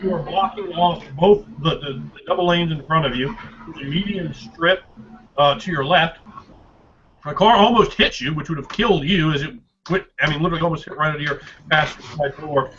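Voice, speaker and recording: A man narrating a tabletop game as game master, describing scenes with halting fillers and restarts. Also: a little high, a bit bright. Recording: dull lo-fi recording, faint noise.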